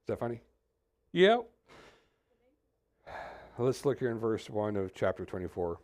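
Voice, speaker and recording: A man's voice: lowish voice, fast talker, mellow. A man from Texas, preaching a sermon as pastor and wandering into joking asides.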